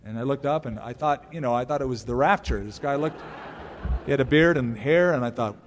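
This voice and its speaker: A man's voice: medium pitch, fairly quick, long reverb tail, slight background noise. A male pastor giving a conversational verse-by-verse Bible teaching, mixing in personal stories, from a church pulpit. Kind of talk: expository sermon. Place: large church sanctuary.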